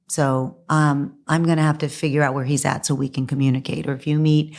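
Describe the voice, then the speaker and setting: A hoarse middle-aged woman talking candidly as an interview guest, chatty and full of likes and ums. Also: low voice, level tone, a little fast, hardly any pauses, darkish tone. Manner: chatty, frequent likes and ums, laughs often.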